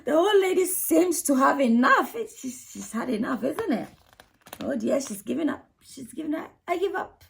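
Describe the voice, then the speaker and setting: A woman's voice: high-pitched, expressive, moderate pace, vocal fry. A woman who hosts her own channel, explaining storytime techniques to early years practitioners and often ending with "isn't it?". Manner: explanatory, asks tag questions.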